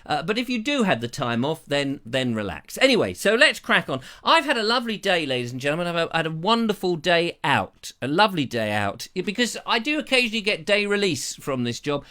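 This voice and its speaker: A man's voice: a little high, very animated, brisk, few pauses, pushed and bright. A man hosting a live stream with jokey, rambling chat and playful asides. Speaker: host.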